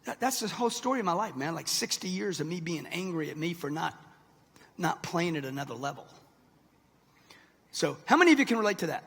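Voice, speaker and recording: Punchy man in his sixties, bright high voice. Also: expressive, a little fast, creaky, slightly rough. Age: 60s. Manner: punchy, keeps pressing the audience with "okay?" and "right?". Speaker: motivational speaker. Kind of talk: live motivational seminar talk. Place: large event hall before a live audience. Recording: reverberant hall.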